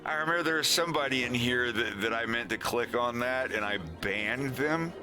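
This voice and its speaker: A man's voice: mid-range voice, moderate pace, over music. A man chatting casually on a live stream, rambling, laughing often and making fun of himself. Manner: laughing, self-mocking, rambling.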